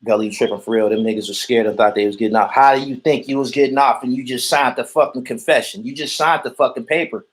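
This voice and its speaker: A man's voice: mid-range voice, steady tone, fast, hardly any pauses, rough recording. Blunt man, street talk, repeats his points while answering comments on a livestream. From Erie, Pennsylvania. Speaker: vlogger reading viewer comments. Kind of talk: livestream rant reacting to comments.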